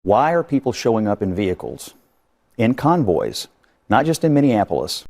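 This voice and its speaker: A man's voice: lowish voice, very animated, moderate pace, a little mellow. A man speaking as a political commentator on a TV panel, arguing with rhetorical questions.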